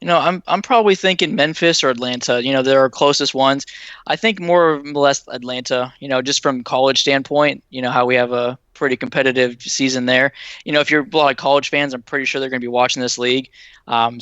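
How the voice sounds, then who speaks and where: A man from Massachusetts chatting as a podcast guest, modest and quick, with lots of fillers. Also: mid-range voice, fairly even intonation, a bit bright, smooth, no echo, dull audio. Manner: fast, modest, many fillers. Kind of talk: casual chat.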